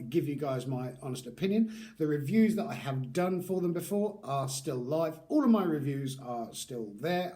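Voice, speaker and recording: Chatty man, fairly high voice. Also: mellow. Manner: chatty, rambling, frequent fillers. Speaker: beard product reviewer. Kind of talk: casual product review vlog.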